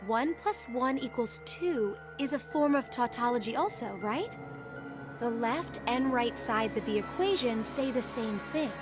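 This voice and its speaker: An actress voicing a calm young woman in a game who lectures and reasons step by step. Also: on the high side, unhurried, music in the background. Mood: calm, reasoning.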